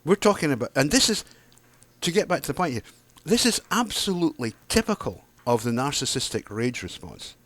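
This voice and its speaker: A man's voice: on the high side, very animated, a little fast, a bit bright, no room sound. A man, delivering an angry, heated monologue to camera, sarcastic and swearing freely. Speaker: video blogger.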